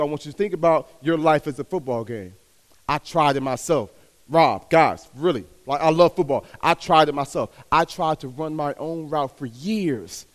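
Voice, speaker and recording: A man preaching a sermon, talking to his congregation as if in conversation. His voice sits a little high for a man, and it swells loud before falling to a quiet hush. A long reverb hangs on every phrase, as in a large hall. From Texas. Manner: conversational, asks the crowd to respond, builds up and drops to a hush.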